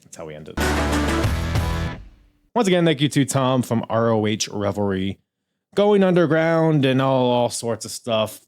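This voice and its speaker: Low-voiced joking podcast host, a man. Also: darkish tone. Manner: joking, laid-back banter. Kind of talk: casual chat.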